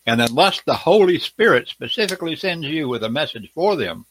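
A man in the group, calmly and earnestly making a point about faith. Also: fairly high pitch, fairly quick, a little hiss or hum. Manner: calm, earnest teaching. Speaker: group member.

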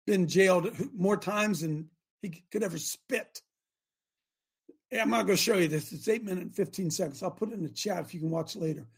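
A middle-aged man hosting a live talk show, preaching fervently to his audience with rhetorical questions and sudden shouted bursts. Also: a little high, vocal fry, breathy edge.

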